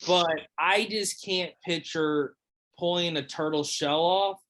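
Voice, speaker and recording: A young man with a fairly high, steady, slightly bright voice speaks slowly in a casual podcast chat, either as host or guest, rambling with lots of fillers and swearing.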